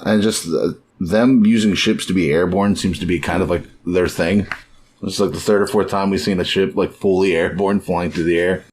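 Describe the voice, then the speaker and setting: Easygoing deep-voiced man chatting. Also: fairly even intonation, normal speed, a little mellow, a little hiss or hum. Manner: rambling, easygoing, acts out quotes from the story. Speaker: podcast co-host. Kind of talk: casual podcast chat.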